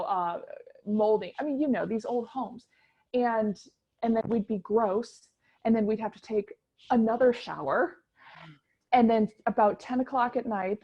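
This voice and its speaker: A middle-aged woman, telling her story as a guest in a casual interview, animated and chatty with many restarts. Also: medium pitch, muffled recording. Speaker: guest chef.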